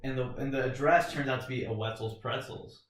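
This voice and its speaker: A man's voice: mid-range voice, steady tone, fairly quick, far from the mic. A man hosting a podcast, steering the chat with laid-back prompts. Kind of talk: casual chat. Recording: echoey room, off-mic, faint noise.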